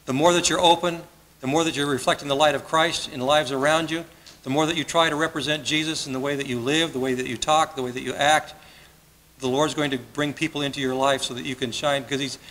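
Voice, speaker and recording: A male pastor delivers a sermon in an earnest, conversational way, repeating phrases as he builds a point. His voice is bright and forceful. Faint room ambience sits behind him in the church. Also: on the high side, fairly even intonation, fast talker, slight background noise, low-quality recording. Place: church sanctuary.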